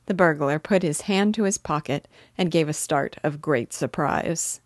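Low-voiced woman reading a children's story. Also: normal speed, hardly any pauses, no room sound, clean studio sound.

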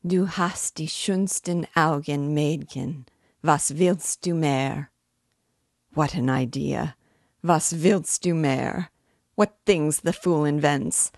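A woman voicing a proud, desperate dying mother who rambles in delirium with a hoarse, gasping voice, her cries rising. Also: low voice, dry recording, clean studio sound, full character voice. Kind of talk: audiobook character reading.

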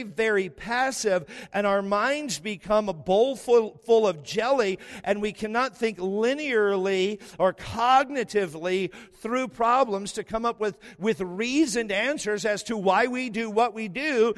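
A man's voice: sits high, long reverb tail. A man preaching a sermon as pastor, emphatic and impassioned, firing rhetorical questions at the congregation. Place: church sanctuary.

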